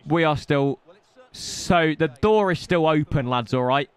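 A young streamer gives excitable gameplay commentary, trash-talking his opponent and shouting at the big moments. His voice is on the high side, smooth, and unhurried.

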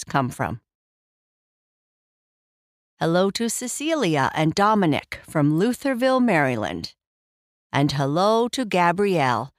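A woman hosting a bedtime story show, reading listener shout-outs and narrating a children's story in a slow, soothing way. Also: mid-range voice, dry recording, studio quality. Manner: slow, soft and soothing, reading names warmly. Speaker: storyteller host.

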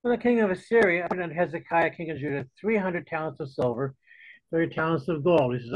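A man's voice: on the high side, expressive, a little fast, dry recording. A man teaching a church Bible study in a conversational way, often repeating words as he restarts. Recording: dull lo-fi dry recording.

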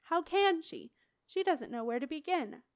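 Earnest eager young guy, read by a woman, fairly high voice, dry and close. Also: lively intonation, fast talker, clean tone, dry recording. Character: earnest eager young man, older brother.

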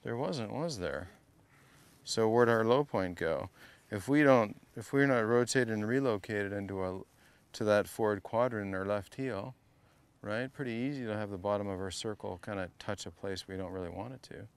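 A man runs a hands-on golf lesson with a gravelly, low-set voice. He teases his student and keeps drilling the same short cues, half joking and half demanding. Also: moderate pace, no echo. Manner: playful, teasing coach who drills short cues. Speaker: golf coach. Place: golf academy practice area.

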